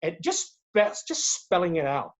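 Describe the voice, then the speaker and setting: A man speaking as a guest on a video-call webinar, giving practical tips in an animated way, acting out examples as he goes. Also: a little high, a little slow. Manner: animated, demonstrates tones and voices while explaining. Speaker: guest speaker on presentation skills. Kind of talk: webinar interview answers.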